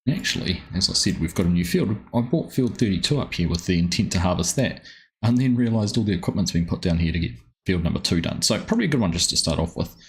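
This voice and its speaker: A man's voice: deep voice, lively intonation, fast talker. A man hosting a live gaming stream, chatting casually and greeting viewers by name as he plays.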